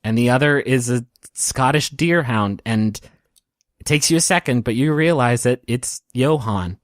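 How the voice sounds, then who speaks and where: Gentle man narrating a tabletop game. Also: mid-range voice, dry recording, studio quality. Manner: gentle, unhurried storytelling. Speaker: game master. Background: soft piano and guitar music.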